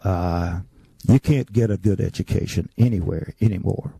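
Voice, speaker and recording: A man's voice: deep voice, moderate pace, gravelly, warm tone, breathy edge, no echo. An older man from North Carolina, a radio guest telling stories about his childhood. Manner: reminiscing, acts out the voices in his stories. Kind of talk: storytelling interview.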